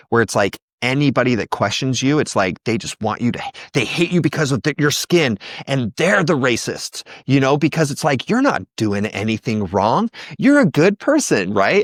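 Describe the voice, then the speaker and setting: A man's voice: mid-range voice, dry recording, studio quality. A man as a podcast guest, talking with passion and often quoting other people. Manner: passionate, animated, quotes others in voices. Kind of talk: conversational podcast interview.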